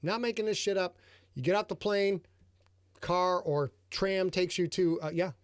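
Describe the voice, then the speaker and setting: High-voiced, profane male storyteller. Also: measured pace, dry recording. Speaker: host, author. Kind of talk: live-show anecdote telling.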